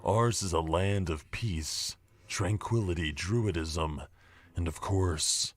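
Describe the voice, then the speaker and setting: A man voicing a serene male night elf in a slow, stately, solemn manner, recorded as video game voice acting takes. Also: sits low, pitched below the performer's own voice.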